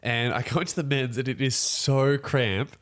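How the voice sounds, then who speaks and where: A young man, telling a story in a casual podcast chat and acting out other people's voices as he goes. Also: mid-range voice. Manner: animated storytelling, quick laughs, acts out voices.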